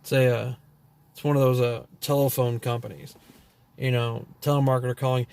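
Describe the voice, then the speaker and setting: In a brisk, fairly even delivery, a Texas man with a Texan accent tells loose, profane stories, rambling with fillers and unfinished thoughts. His mid-range voice is gravelly and mellow, with no echo.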